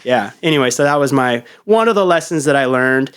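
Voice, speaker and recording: A man's voice: mid-range voice, lively intonation, a little fast, a bit bright, clear, resonant tone. Young male podcast host, casual, profane storyteller, clean resonant voice.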